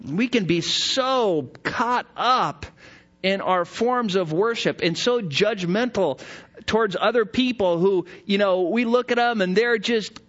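A man preaching a sermon in an animated, dramatic way, building emphasis as he goes. The recording sounds dull and lo-fi. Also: high voice, a little slow. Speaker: pastor.

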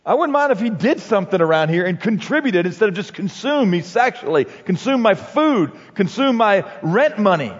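A man's voice: high voice, very animated, normal speed, hardly any pauses, voice pushed up. A man voicing a wife who is fed up with her dependent husband, complaining in an exasperated way. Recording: dull recording with long hall reverb.

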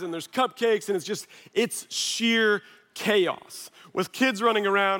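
A man in his thirties, a pastor preaching a sermon through an animated personal story full of quick asides. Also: sits high. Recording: long hall reverb.

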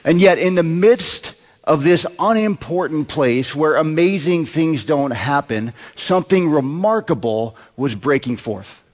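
A pastor in his thirties preaches a sermon conversationally in a church sanctuary, often putting rhetorical questions to the congregation. His voice is a little high, expressive and unhurried, carried by a long hall reverb.

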